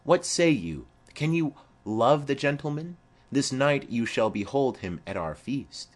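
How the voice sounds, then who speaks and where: Brief: man playing a formal noble mother in an audiobook play, slow, low and lively. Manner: formal, measured.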